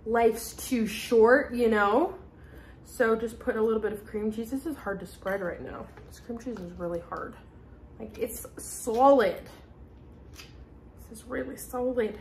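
A woman's voice: fairly high pitch, measured pace, a little hiss or hum. A young adult woman vlogging casually into a handheld phone, rambling with lots of "like" and "um". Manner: rambling, fillers like "like" and "um". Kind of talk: casual chatty vlog. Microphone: handheld phone at arm's length.

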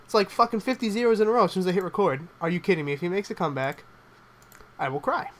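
A man giving live gameplay commentary, excitable and swearing a lot, swinging from low muttering to shouting at the game. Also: rapid-fire, a little hiss or hum. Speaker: gamer.

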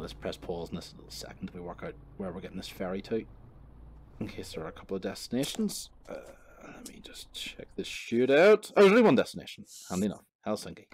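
A low-pitched man, recorded with a little hiss or hum, makes a gaming video. He offers relaxed gameplay commentary while telling a drawn-out, profane, wandering anecdote. He often corrects himself and laughs through the story.

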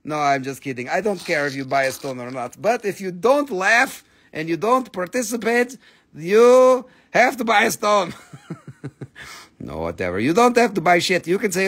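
Gravelly joking rock-seller man. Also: high-pitched, big pitch swings, unhurried, fairly bright tone. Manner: joking, profane, playful; non-native, broken English. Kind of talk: live sales stream.

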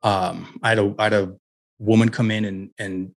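A man's voice: fairly low pitch, level tone, moderate pace, vocal fry. A middle-aged man, a guest coach, telling personal stories in an interview, earnest and full of restarts. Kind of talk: conversational storytelling interview.

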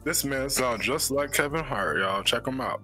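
Podcast guest, gamer man, easygoing mid-pitch voice, faint music behind. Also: animated, normal speed, sharp tone. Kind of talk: casual podcast conversation.

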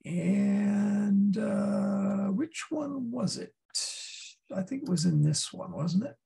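A man teaching a Latin class, explaining step by step and thinking aloud with many pauses and fillers. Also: high voice, gravelly, dark tone, slightly rough. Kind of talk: classroom lesson.

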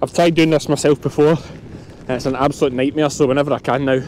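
A Scottish sheep farmer talks straight to his viewers in a chatty, easygoing way, out on a hillside in a storm. His voice sits high for a man. Vehicle noise is heard behind him. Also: steady tone, fast talker, a little mellow. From Scotland. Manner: chatty, talking to viewers while working dogs. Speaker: sheep farmer and channel host. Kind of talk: outdoor farm vlog commentary. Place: windy hillside outdoors in a storm.

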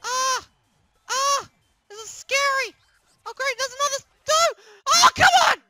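A performer voicing a whiny, easily panicked young male plush hero in a comedic puppet gaming skit. He yelps and shouts in panic. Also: very high voice, fairly even intonation, a little slow, no echo, full character voice.

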